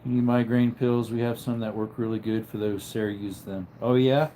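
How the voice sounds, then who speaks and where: A tired man with a headache, lying in bed at home and chatting casually on a livestream while reading out viewer comments in a low-key, drowsy way that trails off. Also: little pitch movement, moderate pace, mellow, a little hiss or hum. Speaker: livestream host.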